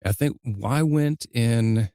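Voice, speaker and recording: A man with a slight Southern US accent, hosting a podcast interview and asking measured questions in an easygoing, storytelling way. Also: mid-range voice, warm tone, smooth, dry recording, clean studio sound. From Southern United States. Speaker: podcast host and audiobook narrator. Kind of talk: casual interview chat.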